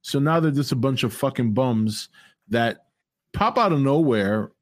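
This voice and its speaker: A man's voice: medium pitch, measured pace. A man who is a guest reviewer on a movie podcast, speaking bluntly and with profanity, exasperated about a character. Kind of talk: casual podcast chat.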